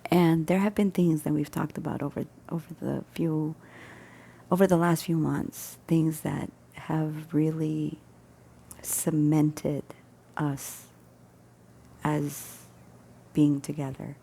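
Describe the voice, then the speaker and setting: A woman's voice: deep voice, level tone, takes it slowly, creaky, long pauses, dark tone, breathy edge. A woman casually telling a personal story, rambling and correcting herself as she goes. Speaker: storyteller sharing personal stories.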